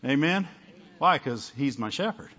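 A man's voice: mid-range voice, lively intonation, a little slow, a bit bright, muffled recording. A male pastor preaching a conversational sermon, often asking the congregation "amen?" and "right?".

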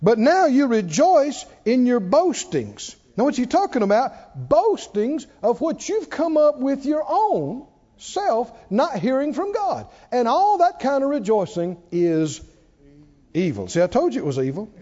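A high-pitched man preaching a sermon, his voice ringing around a church hall with a long reverb. He talks in a mellow tone and rises and falls a lot, calling on the congregation to answer back. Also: very animated, measured pace, muffled recording. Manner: call-and-response preaching, asks the congregation to repeat lines.

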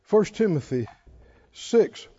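A man preaching a sermon, swinging between loud, animated calls and hushed asides. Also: sits high, takes it slowly, slightly rough, highs cut off. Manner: animated preaching, mimics whiny voices and swings from shouting to hushed.

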